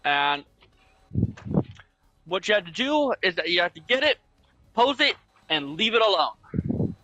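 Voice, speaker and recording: A man's voice: sits high, sing-song, unhurried, sharp tone, no room sound, low-quality recording. A young man chatting casually over voice chat while gaming, explaining things at length with lots of fillers. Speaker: gaming channel host.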